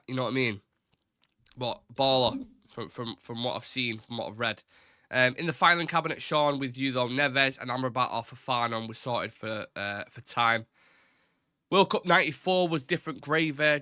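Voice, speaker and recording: A man hosting a fan live stream, talking in a loose, rambling way with firm opinions and casual swearing. His voice is bright and forward. The sound is dry and close to the mic, with no room around it. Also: mid-range voice, no room sound. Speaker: host of a football fan show.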